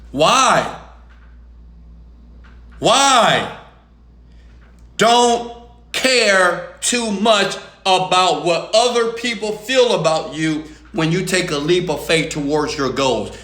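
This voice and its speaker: Loud, profane motivational speaker man. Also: high voice, reverberant. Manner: loud and profane, swings between shouting and soft talk. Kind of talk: motivational rant.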